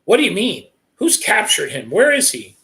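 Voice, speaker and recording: A man voicing an anxious teenage boy who fires off quick, worried questions. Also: high voice, wildly swooping pitch, pushed and bright, pitched above the performer's own voice, heavily acted.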